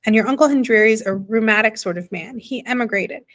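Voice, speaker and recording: A fussy, anxious little mother who scolds with emphasis, as a woman reading a storybook puts her on. She speaks a bit louder and higher than the narration. Her lines are sharp and insistent. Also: fast talker, close to an everyday voice. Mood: scolding.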